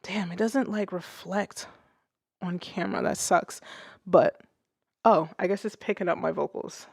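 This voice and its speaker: A woman's voice: lowish voice, a little slow, vocal fry, darkish tone, no room sound, studio quality. A young woman livestreaming from her music setup, chatting loosely, laughing and swearing casually. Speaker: music streamer.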